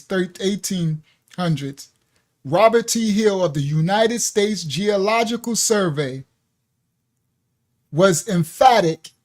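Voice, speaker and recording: Animated man teaching a livestream, slightly high. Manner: animated, emphatic, talks to viewers at home; casual, laughs often. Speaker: ministry teacher.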